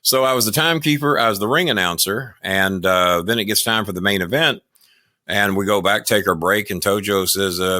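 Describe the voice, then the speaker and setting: Man, rambling profane storyteller, bright forceful tone, dry close mic. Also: lowish voice, a little fast, dry recording. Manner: rambling, profane, laughs through his stories. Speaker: podcast guest, wrestling manager. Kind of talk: casual storytelling interview.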